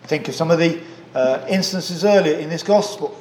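A man preaching in a church with a fairly high voice. He speaks in a measured, earnest way and often pauses with "uh." The sound echoes around the room. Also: a little mellow. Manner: measured, earnest, with frequent "uh" fillers. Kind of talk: sermon.

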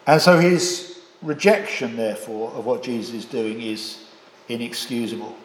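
A man preaching a sermon, measured and emphatic, often closing points with rhetorical questions. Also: medium pitch. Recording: echoey hall.

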